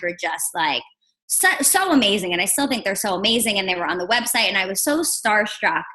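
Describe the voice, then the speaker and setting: A young woman from New Jersey tells her story on a team call, animated and chatty. Her voice is bright and forward. She sits at a middle pitch for a woman. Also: rough recording. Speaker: guest on a team training call. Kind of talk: casual storytelling.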